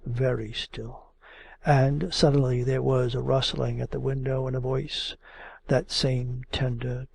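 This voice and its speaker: A man reads classic literature aloud in a measured, expressive audiobook narration. His mid-pitched voice is heavily gravelly and husky. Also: no echo.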